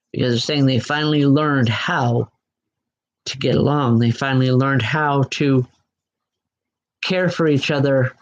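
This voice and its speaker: A woman giving live online psychic readings in a gentle, reassuring way, often pausing and restarting her sentences. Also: extremely low pitch, highs cut off. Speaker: psychic medium. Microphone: computer mic.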